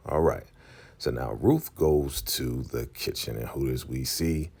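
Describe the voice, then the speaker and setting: Low, husky-voiced man recapping a show. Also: unhurried. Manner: animated, acts out characters' lines. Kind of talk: casual TV episode recap.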